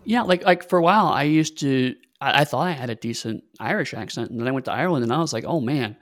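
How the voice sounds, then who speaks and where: A podcast co-host with a gravelly voice, chiming in with brief dry remarks during casual chat. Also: mid-range voice, animated, quick pace, no room sound.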